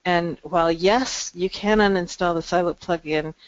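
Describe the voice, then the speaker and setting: A woman's voice: on the low side, normal speed, dry recording. Webinar presenter woman, explainy demo tone, dry muffled call audio. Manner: explanatory, frequent ums and restarts. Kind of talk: screen-share software demo.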